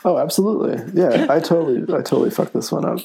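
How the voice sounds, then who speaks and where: A man's voice: a little high, fast talker, gravelly, mellow, slightly rough, rough recording. A man chatting casually as a podcast co-host, rambling and apologetic, laughing often.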